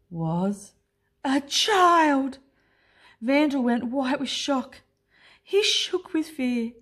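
A woman teacher reading a children's picture book aloud in an expressive, unhurried way. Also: mid-range voice. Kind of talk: storybook read-aloud.

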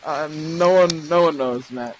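A teenage boy hosting a casual gaming video, joking and telling stories quickly over voice chat. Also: on the high side, a little hiss or hum, rough recording. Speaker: channel host.

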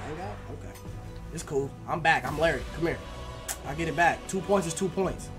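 A man hosting a basketball reaction video, excitable and full of slang, always asking if you know what he means. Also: a little high, moderate pace, over music. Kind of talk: casual reaction commentary.

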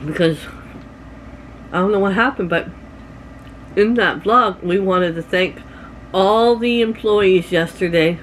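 A middle-aged woman from Canada talks slowly and unhurriedly to her phone camera at home, in a chatty, rambling way. Her pitch sits in an ordinary middle range for a woman, and a faint hum of room noise stays behind her. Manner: chatty, rambling storytelling with laughs. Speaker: vlogger. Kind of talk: casual chat to camera.

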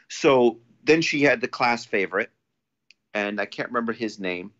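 A man talking as a podcast guest in a casual, rambling way, restarting often and getting animated when he quotes people. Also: medium pitch, brisk. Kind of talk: casual storytelling. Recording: dull lo-fi audio.

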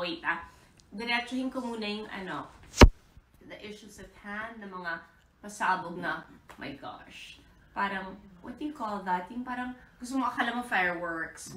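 A woman's voice: medium pitch, sharp tone, reverberant, far from the mic, slight background noise. Filipino woman ranting on a phone live. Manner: code-switching, direct and confrontational. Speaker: social media livestreamer. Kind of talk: live social media talk.

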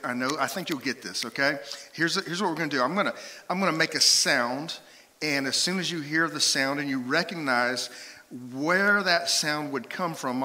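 A man preaching a sermon as pastor, playful and lively with his congregation. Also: mid-range voice. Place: church sanctuary. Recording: hall reverb in a church sanctuary.

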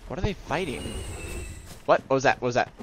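Excitable gamer man, lively pitch. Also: brisk, background noise. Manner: excitable, yelling at enemies, joking to himself. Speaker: video game let's-play host. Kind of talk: live gameplay commentary.

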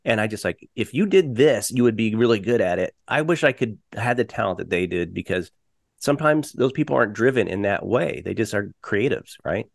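A man's voice: lowish voice, expressive, fairly quick, creaky, no room sound, studio quality. A man co-hosting a podcast, recapping a radio show in a rambling, chatty way. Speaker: podcast co-host. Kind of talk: casual recap chat.

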